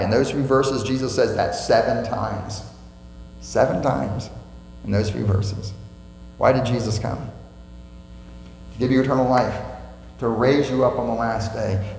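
Emphatic pastor preaching in an echoing hall. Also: male voice, mid-range voice, a little mellow. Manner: emphatic, asks the congregation questions and repeats key phrases. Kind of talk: sermon. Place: church sanctuary. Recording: echoey church hall with faint mains hum.

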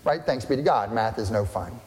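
A man's voice: on the low side, expressive, brisk, darkish tone. A male pastor giving a sermon in a conversational way, putting questions to the congregation and adding dry humorous asides. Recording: long reverb of a large room.

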